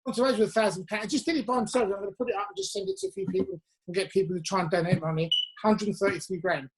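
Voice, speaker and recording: A man from England, a musician guest, telling chatty anecdotes with quick asides over a video call from his home. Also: high voice, animated. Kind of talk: casual interview chat.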